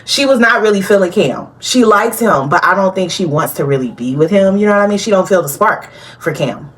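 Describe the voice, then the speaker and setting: A woman hosting a casual TV recap, chatty and animated, talking straight to her viewers and laughing often. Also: mid-range voice, fairly quick. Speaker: TV recap host.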